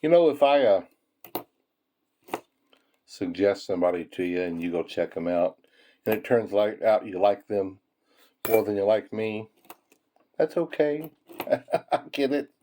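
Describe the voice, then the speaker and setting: A man's voice: on the low side, expressive, unhurried, long pauses, mellow, a little hiss or hum. Folksy man chatting over coin rolls. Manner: folksy, chuckles often, addresses viewers as folks. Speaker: coin-roll hunting channel host. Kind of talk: casual chat while searching coin rolls.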